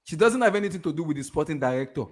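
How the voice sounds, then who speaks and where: A man's voice: a little high, animated, racing, a little mellow. Ranting male football panelist. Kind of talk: casual football chat.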